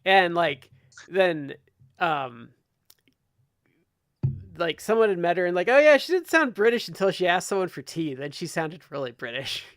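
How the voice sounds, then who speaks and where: A man's voice: high voice, sing-song, normal speed, long pauses, a bit bright, no echo, studio quality. A man from Ohio hosting a casual podcast chat, rambling along with lots of "like" and restarts. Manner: rambling, heavy use of "like" and restarts. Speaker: podcast host.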